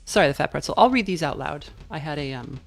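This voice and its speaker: A woman's voice: low voice, expressive, fast, vocal fry. A woman streamer chatting casually over her gameplay, rambling into tangents with lots of fillers, speaking into a dynamic USB mic at home. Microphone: dynamic USB microphone. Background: faint game music.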